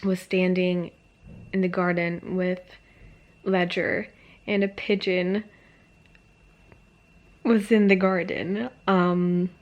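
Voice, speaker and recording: Young woman, early 20s, tearful, halting, unhurried, sighs between thoughts. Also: on the low side, little pitch movement, dull audio. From Sweden. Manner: emotional, halting, many fillers and sighs. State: tearful after crying. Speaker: book vlogger. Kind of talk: emotional reading vlog. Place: alone at home talking to camera.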